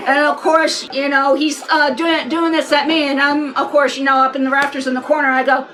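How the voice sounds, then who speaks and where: High-voiced woman telling a story. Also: normal speed, few pauses, poor audio. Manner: animated, acts out quoted voices, stammers and laughs. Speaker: podcast guest. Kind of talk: casual storytelling chat.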